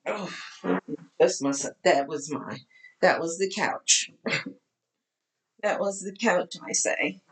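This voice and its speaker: A woman's voice: on the low side, slow pace, long pauses, echoey room, poor audio. A woman life coach with a Texas accent, talking candidly to her followers in a tired voice that keeps cracking. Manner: candid, chatty, preachy asides. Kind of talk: casual talk to followers.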